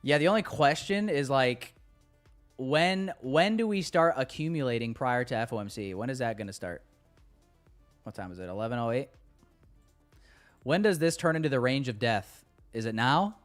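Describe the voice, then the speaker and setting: Faint music accompanies a man streaming his day trading, who chats with his audience in a casual, kidding, occasionally profane way. He sounds expressive, with a medium pitch and moderate pace.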